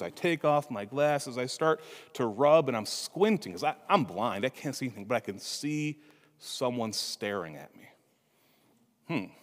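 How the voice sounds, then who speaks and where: A priest giving a homily, telling a humorous family story with asides to the congregation, in a church. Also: male voice, medium pitch. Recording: reverberant church hall.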